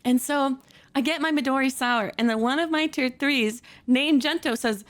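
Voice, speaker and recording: A woman with a high, bright-pitched voice chats casually from her computer at home and tells a story. She is animated and giggly and acts out the people in it. Her talk is full of fillers and quick restarts. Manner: many fillers and self-corrections. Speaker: streamer telling stories.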